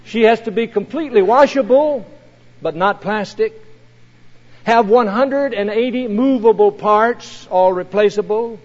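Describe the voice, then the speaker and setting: A man's voice: high voice, a little slow, pitched above the performer's own voice. A man voicing the Lord God as a proud, tender male creator, telling it earnestly within a sermon. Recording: dull recording in a reverberant hall.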